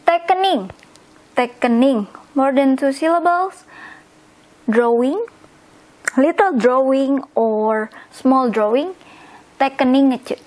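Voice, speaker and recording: This Indonesian-speaking language teacher is a woman whose high voice sounds a little mellow, and she speaks slowly while teaching vocabulary. Her explanation is slow and instructional, with words repeated at a gentle pace and endings spelled out. The audio is poor.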